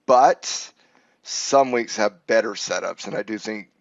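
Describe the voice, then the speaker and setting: A man's voice: on the low side, measured pace, creaky, no room sound, muffled recording. A man co-hosting a trading show, talking through chart setups in a casual, thoughtful way. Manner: thoughtful, restarts phrases, laughs easily. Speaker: trading coach co-host. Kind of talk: casual chart analysis chat.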